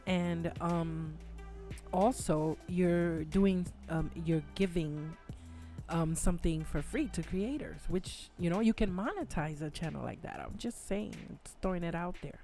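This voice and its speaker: A woman's voice: on the low side, measured pace, mellow, faint music behind. A woman with a Spanish accent co-hosting a casual live stream, chatty and sometimes fumbling her words.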